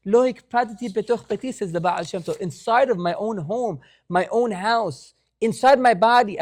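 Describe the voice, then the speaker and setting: A man, a congregation rabbi, preaching in an animated storytelling way and mixing in Hebrew phrases. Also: sits high. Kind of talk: sermon. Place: synagogue.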